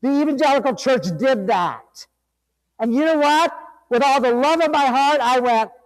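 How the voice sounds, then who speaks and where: A man's voice: extremely high pitch, normal speed, in a large hall, low-quality recording. A man giving a sermon as a guest reverend, emphatic and conversational in a church sanctuary.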